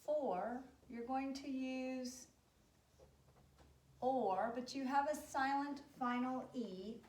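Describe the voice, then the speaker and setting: A woman's voice: high-pitched, a little mellow, reverberant. Cheerful woman teaching spelling. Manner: cheerful, encouraging, spells slowly. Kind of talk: spelling lesson for children.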